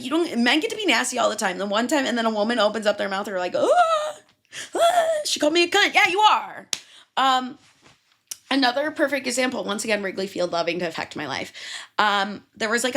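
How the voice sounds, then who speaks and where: A young woman from Chicago hosting a podcast, telling stories in a casual, profane and animated way. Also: mid-range voice, brisk. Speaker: podcast host. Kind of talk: casual solo podcast rant.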